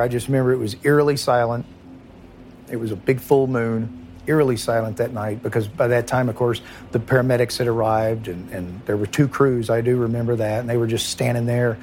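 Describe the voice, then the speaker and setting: A middle-aged man, a former police chief, recounting a night in a halting, emotional way with many repeated words. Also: mid-range voice, darkish tone, a little hiss or hum.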